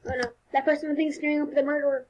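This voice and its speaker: A woman's voice: sits high, flat delivery, very fast, a little mellow, faint music behind. A young woman commenting on a video game as she plays, turning panicky and often dropping to a whisper. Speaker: gaming video host. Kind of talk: live gameplay commentary.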